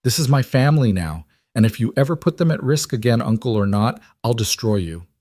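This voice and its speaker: A man's voice: mid-range voice, expressive, a little fast, darkish tone, dry recording, studio quality, close to an everyday voice. A man voicing a fierce woman executive. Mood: firm. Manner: firm, emotional.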